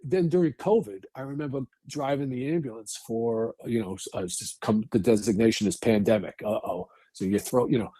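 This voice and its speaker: Speaking as a guest on a laid-back podcast, this middle-aged actor-firefighter from New York tells blunt stories, often restarting and cursing. His medium-pitched voice is brisk and dark-toned, with hardly any pauses and no room sound.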